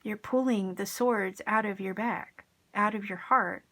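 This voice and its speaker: A woman's voice: mid-range voice, a little slow, fairly bright tone. A woman giving a casual tarot reading to her viewers, enthusiastic and encouraging, with plenty of slang. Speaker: tarot reader.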